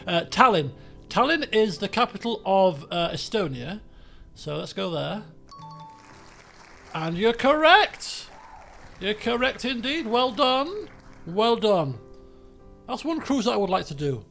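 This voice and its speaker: Excitable man, lively high voice. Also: slow, creaky, long pauses, faint music behind. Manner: chatty, excitable, swears and jumps to shouts when annoyed. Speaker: streamer. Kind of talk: casual live-stream commentary while playing a geography guessing game.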